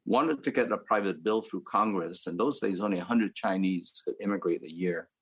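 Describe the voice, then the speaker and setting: An older man from the Philippines, calmly telling his life story as a panel speaker. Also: sits low, slightly rough, rough recording. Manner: reflective, matter-of-fact storytelling. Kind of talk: personal storytelling.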